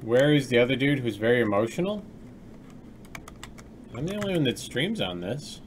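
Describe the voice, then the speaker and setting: A man's voice: mid-range voice, animated, normal speed, a little hiss or hum. A man streaming his game development work live, chatting casually with viewers and laughing often.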